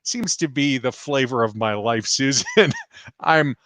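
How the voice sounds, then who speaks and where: A man's voice: medium pitch, unhurried, no room sound. A man, a spiritual teacher and healer from the United States, answering viewer questions on a live stream and telling stories with frequent laughter. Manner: laughs often, animated retelling.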